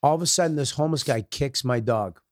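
A man who is a comedian guest telling stories in a profane, animated way, acting out quotes. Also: mid-range voice, fast, no room sound, clean studio sound. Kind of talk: casual storytelling.

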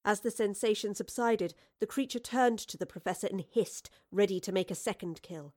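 A woman narrating a story aloud in an even, clear manner. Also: mid-range voice, moderate pace, no room sound, studio quality. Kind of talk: storybook reading.

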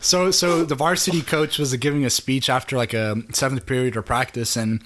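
A young man co-hosting a podcast, telling high school stories in casual chat, laughing often and swearing freely. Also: steady tone, moderate pace, fairly bright tone. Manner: laughing storyteller, heavy swearing. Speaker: podcast co-host.

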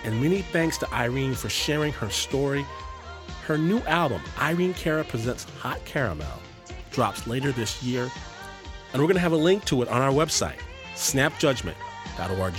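A man's voice: mid-range voice, big pitch swings, moderate pace, over music. A man hosting a radio show, delivering scripted links in a theatrical, dramatic way.

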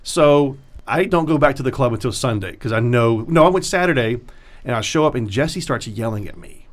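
A man's voice: medium pitch, brisk. Male comic, casual podcast storyteller, swears a lot, voices the people in his story. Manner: profane, animated storyteller acting out quotes. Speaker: comedian.

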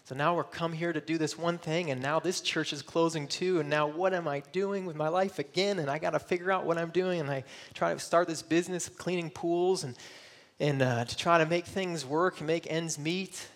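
A man's voice: a little high, fairly even intonation, moderate pace. Earnest middle-aged man preaching a sermon. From Michigan. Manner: earnest, personal and searching, asks many questions. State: near tears at times. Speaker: pastor.

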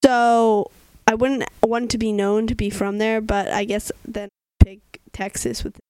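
A young woman with a high, bright voice rambles through a casual podcast chat, giggling and trailing off mid-thought. She is from Delaware. Her voice sounds close and dry, with no room around it. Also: level tone, a little slow, clear, resonant tone, dry recording. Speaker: podcast co-host.

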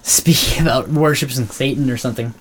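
A man's voice: mid-range voice, a little fast, very noisy. A young man from Canada co-hosting a podcast, chatting casually with dry jokey asides. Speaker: podcast co-host. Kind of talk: casual chat.

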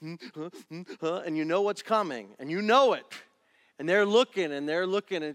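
A middle-aged male pastor preaching a sermon in a church, animated and acting out little family scenes. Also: a little high, normal speed, no echo, studio quality. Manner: animated, acts out family scenes in different voices.

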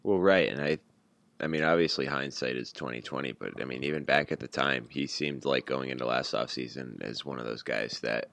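A man co-hosting a casual sports podcast, talking in a blunt, wry way that builds into animated rants. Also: a bass voice, fairly quick, gravelly, no room sound. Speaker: podcast co-host.

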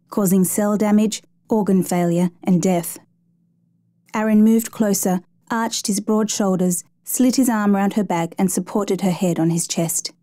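Woman narrator, scripted story reading, measured, mellow, dry recording. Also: medium pitch, dry recording.

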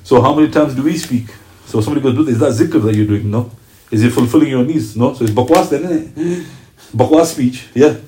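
A man's voice: mid-range voice, fairly quick, low-quality recording. A man giving a religious lecture, telling stories and acting out the voices of the people he quotes. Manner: animated storytelling, acts out quoted voices. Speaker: Islamic teacher.

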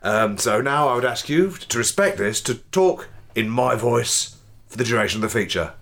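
Gravelly, bright-voiced man hosting crude improv. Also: mid-range voice, animated, normal speed. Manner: crude, playful, putting on mock Cockney lines. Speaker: podcast host. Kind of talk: comic improv banter.

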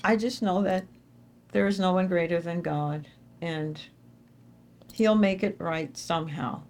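A middle-aged woman giving an inspirational faith talk to a live audience, telling stories with animated, emphatic repetition. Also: fairly low pitch, measured pace, a little hiss or hum. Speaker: speaker addressing an audience.

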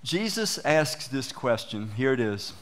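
Lively man preaching a sermon. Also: medium pitch, unhurried. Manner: animated storytelling, acts out quoted exchanges. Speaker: pastor. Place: church.

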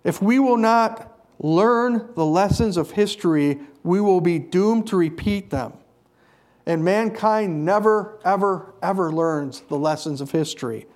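High-voiced man preaching emphatically. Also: unhurried, a little mellow. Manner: earnest, emphatic preaching with repeated stresses. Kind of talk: sermon.

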